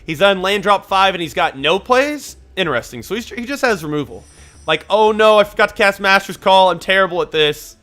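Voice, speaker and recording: A man commentating his own card game match as he plays, thinking aloud, getting excited and swearing when frustrated. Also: high voice, fairly quick. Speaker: gameplay commentator. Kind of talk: live gameplay commentary.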